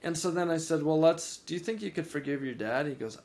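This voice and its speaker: Animated man telling a faith story. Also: a little fast. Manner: animated, rises in pitch and energy when excited; repeats words and restarts sentences. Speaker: podcast co-host and ministry founder. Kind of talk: storytelling testimony in an interview.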